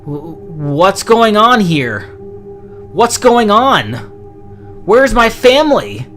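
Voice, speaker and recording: A man voicing a desperate grieving former detective who shouts and pleads to get his family back. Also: high-pitched, big pitch swings, slow, soft background music, pitched above the performer's own voice, heavily acted. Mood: panicked. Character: desperate grieving ex-cop man, middle-aged.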